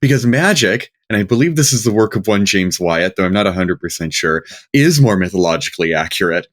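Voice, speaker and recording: A man's voice: low-pitched, animated, brisk. A man co-hosting a casual gaming podcast, emphatic, giving knowledgeable asides. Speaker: podcast co-host. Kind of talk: casual panel chat.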